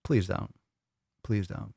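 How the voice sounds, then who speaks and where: A man's voice: fairly low pitch, fairly even intonation, slow, gravelly, warm tone, husky, dry recording, studio quality. A man hosting a live fitness Q&A, chatting crudely and joking as he reads viewer comments. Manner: crude, joking, mocks voices of others. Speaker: fitness podcast host. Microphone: studio microphone.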